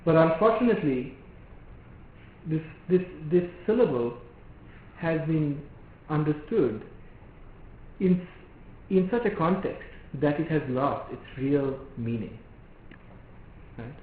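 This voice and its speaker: A man giving a devotional lecture in a measured, explanatory way, often asking rhetorical questions. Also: on the high side, expressive, a little hiss or hum. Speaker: preacher. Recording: echoey hall on a phone-like line.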